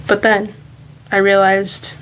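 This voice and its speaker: A woman's voice: mid-range voice, completely flat delivery, slow, a bit bright, low-quality recording. Rambling, candid woman vlogger. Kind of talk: casual reflective monologue.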